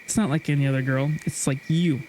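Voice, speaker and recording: A man chatting casually during a game stream, reading a guide aloud and stumbling over restarts. His pitch sits in an ordinary middle range. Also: fairly even intonation, fast, a little mellow, a little hiss or hum. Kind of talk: casual gameplay stream chat.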